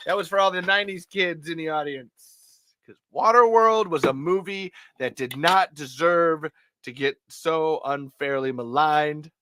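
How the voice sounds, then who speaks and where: A man in his thirties hosting a casual livestream, rambling and self-deprecating, swearing freely and breaking into loud impressions. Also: mid-range voice, unhurried, a little hiss or hum. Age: 30s. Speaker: livestream host. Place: hot upstairs room.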